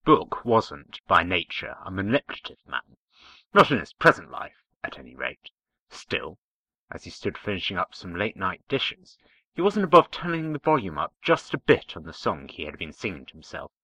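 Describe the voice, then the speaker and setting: A man reading fan fiction aloud, narrating in a measured, expressive way. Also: low-pitched, no echo, rough recording. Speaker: story reader.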